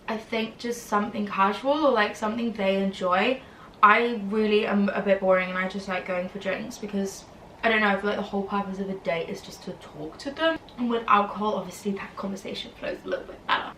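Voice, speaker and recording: A woman's voice: mid-range voice, sharp tone, slight background noise. A young woman with a slightly whiny voice, chatting casually to camera and rambling with lots of "like" fillers. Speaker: YouTuber. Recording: roomy, distant from the mic.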